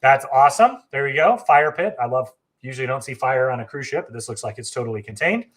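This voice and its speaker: A man's voice: mid-range voice, animated, fast talker, a bit bright. A man hosting a casual travel live stream, chatty and enthusiastic, with frequent fillers and self-corrections. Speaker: travel agency host.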